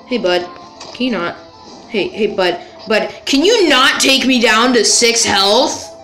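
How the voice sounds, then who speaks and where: A woman's voice: fairly high pitch, lively intonation, slow, bright, forceful tone. A woman giving casual commentary over her own gameplay, playful and exasperated, talking to the characters on screen and bursting into yelps. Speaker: gaming video creator. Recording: roomy with game music behind.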